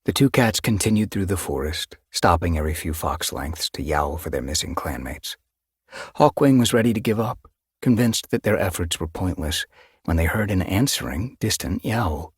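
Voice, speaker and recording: A man narrating an audiobook with steady, measured storytelling. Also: sits low, husky, no room sound, clean studio sound. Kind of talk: scripted narration.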